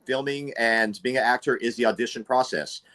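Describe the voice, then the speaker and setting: A man's voice: medium pitch, brisk, fairly bright tone, slight background noise. A man hosting a casual chat, talking in an upbeat, encouraging way. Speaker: host, actor.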